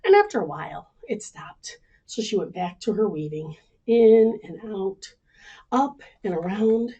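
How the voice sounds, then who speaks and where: A woman librarian telling stories to children at home, animated and inviting them to join in. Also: mid-range voice, moderate pace, slightly rough, highs cut off. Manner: animated, speaks to kids at home. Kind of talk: children's storytime reading.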